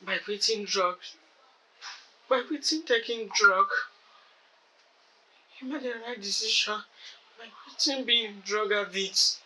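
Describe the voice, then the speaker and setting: A young man, playing a weak student in a hospital bed who pleads in a halting way and repeats himself. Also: sits high, sharp tone, slight background noise, heavily acted, poor audio. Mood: pleading. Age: young adult. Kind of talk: film acting.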